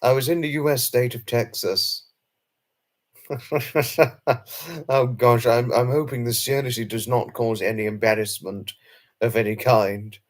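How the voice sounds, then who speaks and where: A man's voice: medium pitch, steady tone, unhurried, pauses often. A British man hosting a live stream, chatting in a rambling way full of fillers and self-conscious laughs as he replies to viewers. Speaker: livestream host. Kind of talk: casual live chat reading viewer comments.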